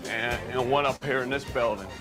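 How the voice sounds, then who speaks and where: An actor playing a slow-talking, earnest sketch-comedy character who answers in flat one-word denials. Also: male voice, mid-range voice, lightly acted. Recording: TV clip with music behind, from off-mic.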